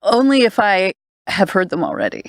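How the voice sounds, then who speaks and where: A middle-aged woman from Canada co-hosting a podcast in casual, animated chat, laughing often as she tells stories. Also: medium pitch, normal speed, no room sound, studio quality. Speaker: podcast co-host. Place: recording studio.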